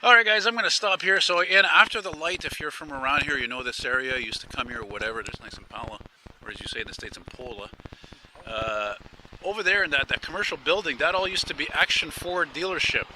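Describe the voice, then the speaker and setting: A man's voice: a little high, quick pace, sharp tone, poor audio. Chatty man on a street walk. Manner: rambling, chatty, enthusiastic. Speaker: vlogger host. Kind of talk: casual walking vlog chat. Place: outdoors on a busy city street, walking. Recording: traffic noise outdoors.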